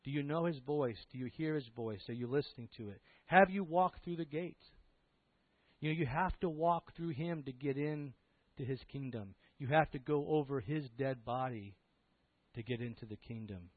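A man preaching a sermon, telling a story that swells to loud emphatic peaks and drops to soft low passages. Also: moderate pace, dry recording. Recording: tinny phone-like sound.

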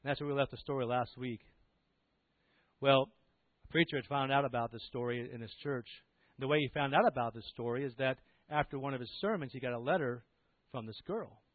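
A man preaching a sermon, telling a story that swells to loud emphatic peaks and drops to soft low passages. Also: fairly quick, no room sound. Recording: tinny phone-like sound.

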